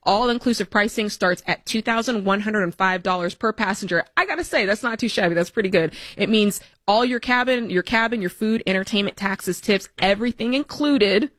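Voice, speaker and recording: A woman co-hosting a radio show, chatty and upbeat in a medium-pitched voice. She talks casually to her listeners and her co-host. The recording is close and dry. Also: fairly quick, hardly any pauses, a bit bright, no echo.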